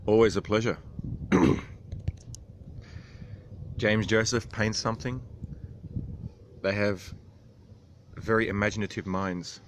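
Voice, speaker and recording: A man in his thirties hosting a casual livestream, reading out viewer comments with frequent chuckles and throat clearing. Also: fairly low pitch, fairly even intonation, slow, long pauses, slight background noise. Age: 30s. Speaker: livestream host.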